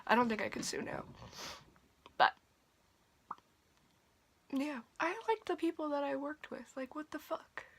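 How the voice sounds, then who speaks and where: A young woman telling a story in a casual vlog from her bedroom at night, profane and animated, sometimes dropping to a whisper. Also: high voice, unhurried, gravelly, long pauses. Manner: drops to a whisper at times. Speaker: vlogger.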